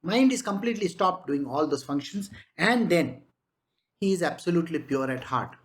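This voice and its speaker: A woman's voice: on the low side, animated, normal speed. A woman spiritual teacher giving a conversational spiritual discourse, chatting along with frequent rhetorical questions.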